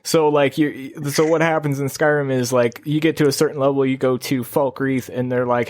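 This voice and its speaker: A man co-hosting a podcast in casual chat, low-key and laid-back, rambling through stories with a tired edge. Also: steady tone, fairly quick, few pauses, a little mellow, no echo. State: sleepy. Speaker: podcast co-host.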